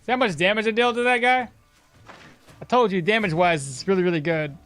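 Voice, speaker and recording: Streaming a game, a man with a high, fairly bright voice talks fast to his chat, sounding exasperated and laughing through the casual commentary. Faint music plays behind him.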